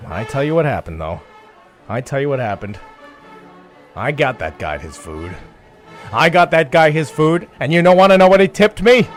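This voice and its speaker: A man telling a personal story live on the radio as host, chuckling often and breaking into loud yelling. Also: fairly high pitch, lively intonation, moderate pace, pauses often, faint music behind. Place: radio studio.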